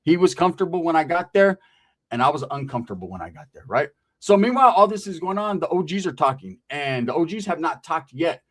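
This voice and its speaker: A man telling a rowdy, comic story with lots of slang and swearing. His delivery is animated and swings widely in pitch. He checks in with the listener by asking "right?". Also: fast.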